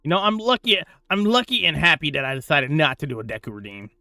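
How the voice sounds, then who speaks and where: Young guy streaming games, bright voice, bit high, dry close mic, jokey and laughs a lot. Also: quick pace, vocal fry, no room sound, soft background music. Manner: laughs often, slangy and playful. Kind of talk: casual gaming stream chat.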